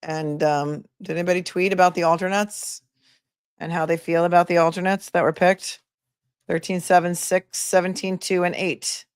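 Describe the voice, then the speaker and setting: A woman attorney hosting a casual livestream, chatting and reading out viewer comments with quick asides. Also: fairly low pitch, flat delivery, clean tone, dry recording, studio quality. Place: home in a remote area.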